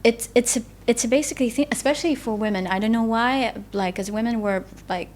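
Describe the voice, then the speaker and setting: A woman hosting a podcast interview, speaking earnestly and haltingly, with non-native phrasing. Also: fairly high pitch, a little mellow. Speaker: podcast host. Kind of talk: interview conversation.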